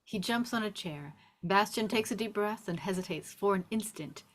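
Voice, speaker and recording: A woman reading the stage directions in a table read, with steady, descriptive narration. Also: mid-range voice, normal speed.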